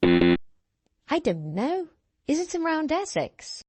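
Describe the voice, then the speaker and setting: Bright-toned woman, lively melody, playful casual chat. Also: high-pitched, takes it slowly, faint music behind. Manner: playful, enthusiastic. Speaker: podcast co-host, quiz contestant.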